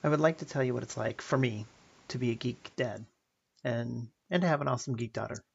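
A man's voice: medium pitch, fairly quick, creaky, slightly rough, dull audio. A man in his thirties hosting a personal podcast, telling stories earnestly with light self-deprecating humor. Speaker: podcast host.

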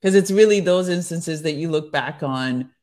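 A woman's voice: deep voice, moderate pace, darkish tone. Earnest, encouraging woman co-host. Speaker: devotional co-host. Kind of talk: casual faith chat.

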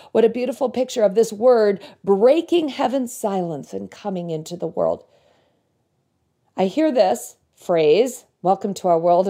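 A woman giving an earnest, reflective devotional talk, reading song lyrics slowly and thoughtfully. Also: mid-range voice, dark tone. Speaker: Christian speaker.

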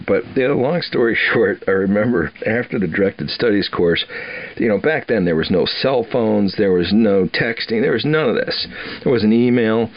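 A man's voice: fairly low pitch, expressive, moderate pace, highs cut off. An older man from Wisconsin telling his life story casually, rambling and repeating words with frequent chuckles.

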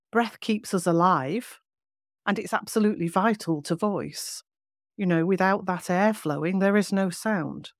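Woman coaching voice on a podcast, calm clear explaining, dead dry room. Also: mid-range voice, no room sound. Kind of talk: podcast teaching.

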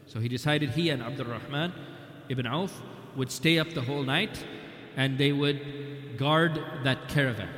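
A man giving a storytelling lecture on early Islamic history, animated and acting out the dialogue. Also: mid-range voice, unhurried. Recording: echoey hall.

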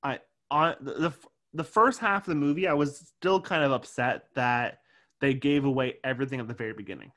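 A man with a medium-pitched, fairly quick voice co-hosts a podcast, chatting casually in a movie review. He gets exasperated and animated over the film and swears when riled.

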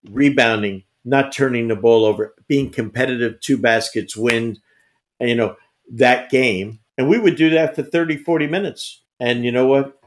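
An older man, a veteran basketball coach, answering interview questions with emphatic anecdotes and frequent restarts. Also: medium pitch. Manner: emphatic, repeats words, tells anecdotes. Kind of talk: conversational interview storytelling.

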